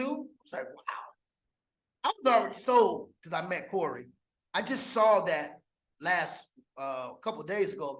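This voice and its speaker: Hyped up promoter talking up a program, says stuff twice, keeps building it up. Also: medium pitch. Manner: excited and repetitive, stacking phrases. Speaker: network marketing promoter. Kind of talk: enthusiastic testimonial monologue. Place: abroad on a trip.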